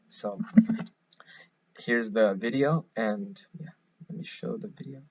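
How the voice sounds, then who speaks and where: A young man giving a class presentation, explaining in a halting, rambling way. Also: medium pitch, fairly even intonation. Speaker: student presenter. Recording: dull lo-fi recording.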